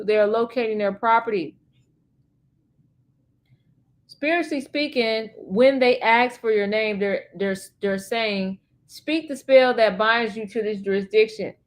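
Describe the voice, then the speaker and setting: A woman streaming solo, reading chatbot answers aloud in an earnest, emphatic way and adding her own remarks, with hesitant fillers between passages. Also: a little high.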